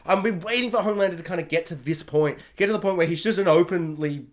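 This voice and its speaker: A young man casually reviewing a TV show, rambling and excitable with lots of fillers. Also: high voice, fast.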